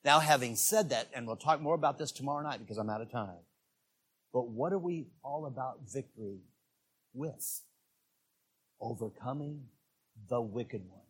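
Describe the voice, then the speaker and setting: A man preaching as a visiting evangelist, talking directly to the congregation and climbing into loud, shouted peaks on key words. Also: mid-range voice, breathy edge. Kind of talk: sermon. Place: church.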